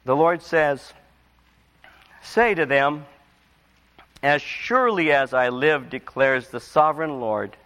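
A man preaching a sermon, telling stories and reading scripture, his voice climbing into pleading cries and then falling quiet. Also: fairly high pitch, slow pace, pauses often. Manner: storytelling, rising to emotional pleas then dropping quiet. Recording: long hall reverb.

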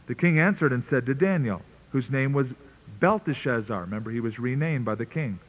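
A man's voice: mid-range voice, lively intonation, brisk. Tinny radio preacher, earnest man. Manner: earnest, conversational preaching with emphatic asides. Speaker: pastor. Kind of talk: sermon. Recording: tinny narrow-band radio broadcast.

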